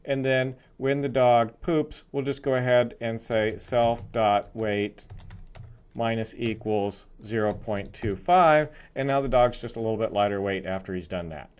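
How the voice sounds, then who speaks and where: A man's voice: mid-range voice, a little slow, clear, resonant tone. Man explaining code in a screencast. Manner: explains step by step while typing code. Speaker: programming instructor. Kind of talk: screencast coding lesson.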